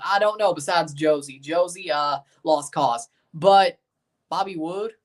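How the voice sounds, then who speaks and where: Hosting a soccer watchalong on livestream, this man chats casually, reads out viewers' comments, and reacts with sarcastic remarks. His voice sits high and he keeps a measured pace.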